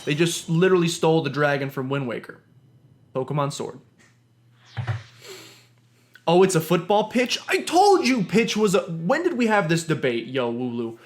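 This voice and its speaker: A man's voice: a little high, lively intonation, moderate pace, pauses often. A young man streaming a video game, joking and ranting as he plays and sometimes reading the game's lines aloud. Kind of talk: casual gameplay commentary. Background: game music.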